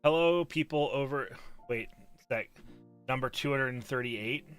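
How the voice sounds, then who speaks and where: A man's voice: medium pitch, a little slow, fairly bright tone, clean tone, faint music behind. A man hosting a casual stream, chatting loosely and stumbling over his words. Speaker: streamer host.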